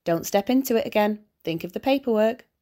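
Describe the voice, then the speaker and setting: A woman's voice: medium pitch, animated, fairly quick, dark tone, lightly acted. A woman voicing a laid-back male demon who talks in a dry, teasing, mocking way. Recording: background hiss.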